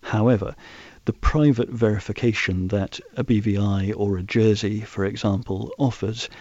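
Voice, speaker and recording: A man answering questions as an expert guest in a radio interview, speaking in a measured, precise way with occasional restarts. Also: fairly low pitch, steady tone, darkish tone, dry recording, muffled recording. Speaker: guest expert on financial transparency.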